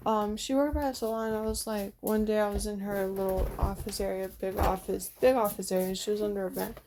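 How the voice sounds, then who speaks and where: Young woman, blunt and frustrated, swearing freely in a home vlog; mid-pitched voice over steady background noise. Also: a little fast, hardly any pauses. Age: young adult. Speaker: vlogger. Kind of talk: candid personal vlog.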